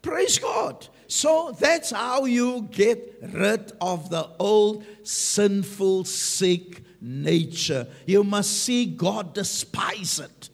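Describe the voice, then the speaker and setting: A man preaches in a strikingly high voice that rises and falls with animated swings. He speaks slowly and emphatically, stopping often for an "Amen". The sound rings with the long reverb of a large church hall. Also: gravelly. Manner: emphatic, frequent "Amen" punctuating points. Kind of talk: sermon.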